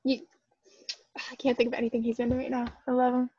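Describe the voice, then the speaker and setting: A woman's voice: fairly high pitch, completely flat delivery, brisk, warm tone, breathy edge, no echo, highs cut off. A woman in casual chat, teasing her friend with dry quips.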